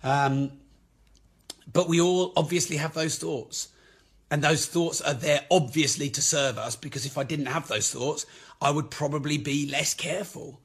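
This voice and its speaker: Husky, forceful man, blunt talk. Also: fairly high pitch, steady tone, a little slow. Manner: frank, swears freely. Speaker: property business speaker. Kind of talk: candid motivational talk.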